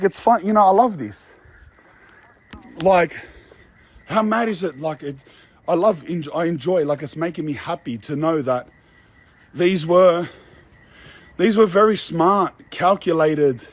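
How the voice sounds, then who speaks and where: A young Australian man, a social media personality, chats casually in a walking vlog outdoors among apartment blocks. His voice sits on the high side with no room sound, and he comes across brash and boastful, full of street slang.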